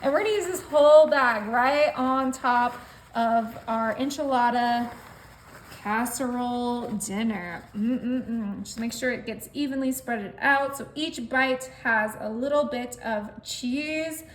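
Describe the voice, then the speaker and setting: A woman hosting a casual home cooking video, bubbly and quick to laugh, talking to her viewers as you guys. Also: a little high, echoey room, slight background noise. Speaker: cooking vlogger. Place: home kitchen.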